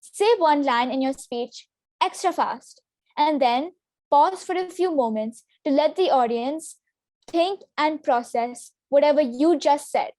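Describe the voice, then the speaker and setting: A young woman presenting a public speaking lesson in a clear, instructive way. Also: high-pitched, unhurried, mellow, no room sound, clean studio sound. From Singapore. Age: teenager. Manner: clear, instructive delivery with demonstration sentences. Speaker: student workshop presenter.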